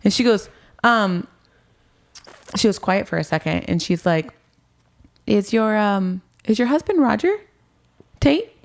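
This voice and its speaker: At a measured pace with long pauses, a woman in her twenties speaks expressively in a medium-pitched voice. She shares her personal story casually with an interviewer, using many "like"s and "um"s and acting out what people said.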